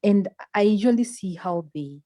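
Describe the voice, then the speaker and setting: A woman, a parent, speaking in a measured, plain-spoken way in a conversational panel discussion. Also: medium pitch, expressive, mellow, no echo. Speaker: parent guest.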